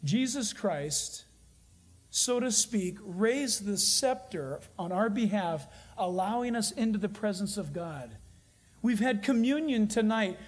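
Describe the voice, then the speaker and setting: A man with a fairly high voice, preaching a sermon. He tells stories in an earnest way and draws out the phrases he wants to stress. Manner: earnest, storytelling preacher with emphatic slowed phrases. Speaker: pastor.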